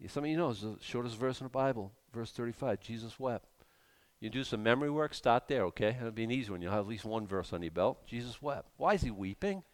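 A man preaching a sermon with animated delivery, swinging between hushed and loud. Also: medium pitch, fast talker.

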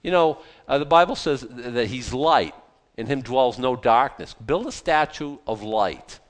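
A man's voice: mid-range voice, expressive, measured pace. Chatty man preaching a casual sermon. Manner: chatty, self-interrupting, with joking asides. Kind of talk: conversational sermon.

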